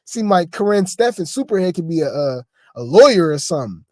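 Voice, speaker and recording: A man's voice: high voice, sing-song, a little fast, mellow. A man giving casual reaction commentary on video clips, chatty and stammering, throwing asides to his viewers. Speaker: commentary host.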